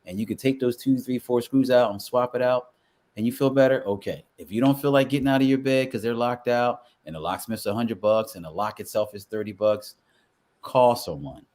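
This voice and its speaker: A real estate broker talking casually on a live show, telling stories and acting out what people said. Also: male voice, medium pitch, a little fast. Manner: animated storyteller, acts out quotes.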